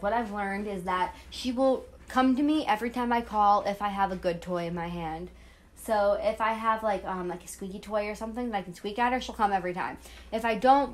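A woman talks through her game footage in a loose, rambling, conversational way. She is coming down with a cold. The voice-over is recorded on her phone. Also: medium pitch. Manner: chatty and rambling. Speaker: gaming channel host. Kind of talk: casual gameplay voice-over.

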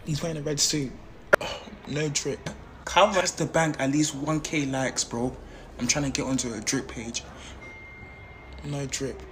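A man's voice: a little high, fairly even intonation, measured pace, long pauses, noisy background, close to an everyday voice. A man doing a bored security guard. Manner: laid-back, gossipy. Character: bored young male British store security guard.

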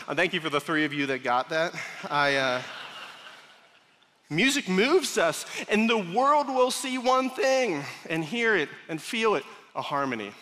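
A man's voice: on the high side, bright, forceful tone. A male pastor preaching a sermon in a large church, conversational and given to joking asides to the congregation. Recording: long hall reverb. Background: congregation laughing at times.

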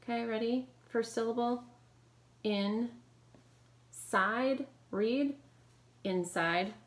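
A woman teacher leading a phonics lesson, calling out brisk drill prompts and giving quick praise. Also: on the high side.

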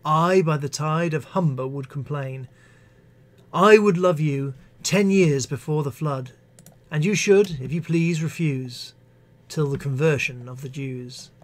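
Man, English teacher, poetry reading, slow, slightly high voice, expressive recitation. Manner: measured, expressive recitation with hesitant asides. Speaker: English teacher hosting a live stream.

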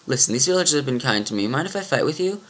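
A man's voice: mid-range voice, lively intonation, racing, a bit bright, natural voice. A man voicing a friendly, easygoing young archer with a breezy, chummy manner.

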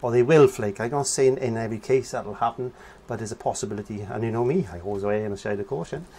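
A man's voice: medium pitch, fast, mellow. A man giving a casual painting lesson, chatting as he works and humming nonsense syllables while he paints. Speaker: painting teacher.

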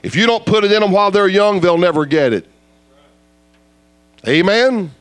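A man preaching a fiery evangelistic sermon, dropping to low intensity then rising to loud, high shouts.

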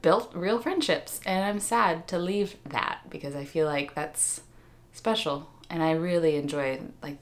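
A young woman, chatting casually to camera in a vlog, upbeat and full of "like"s. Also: lowish voice. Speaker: vlogger.

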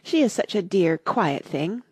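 A woman's voice: on the low side, sing-song, breathy edge, no echo, studio quality, heavily acted. A woman voicing a polite, curious young girl who talks eagerly and rambles. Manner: eager, rambling, quick to apologize.

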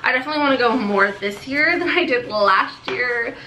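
A young beauty vlogger opens gifts in a casual haul video, gushing, bubbly, and laughing often. Her fairly high voice is pushed and bright at a normal speed, recorded in an echoey room with faint noise.

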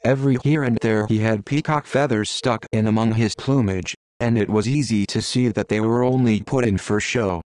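A man narrating a storybook in a steady, measured reading. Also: on the low side, no room sound. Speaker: audiobook narrator.

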